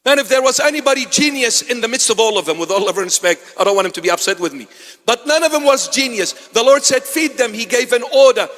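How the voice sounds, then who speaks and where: Man, native Assyrian speaker, bishop's sermon: high voice, lively teasing delivery, long church reverb. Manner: animated, teasing asides to the congregation.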